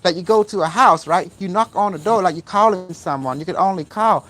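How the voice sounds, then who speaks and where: Man, higher-pitched, spiritual teacher type, rambling broken-English lecture delivered with insistent repetition. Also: fairly quick, fairly bright tone.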